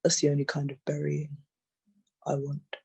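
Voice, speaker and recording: A poet reading their own poems aloud in a measured, intense way, often repeating phrases. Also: medium pitch, monotone, gravelly, mellow, slightly rough, muffled recording. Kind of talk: poetry reading.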